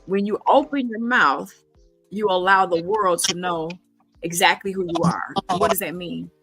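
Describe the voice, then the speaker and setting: A woman's voice: fairly low pitch, steady tone, normal speed, fairly bright tone, breathy edge, faint music behind, poor audio. A middle-aged woman hosting a casual conversational show, talking emphatically with rhetorical questions and frequent ums and restarts. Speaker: podcast host.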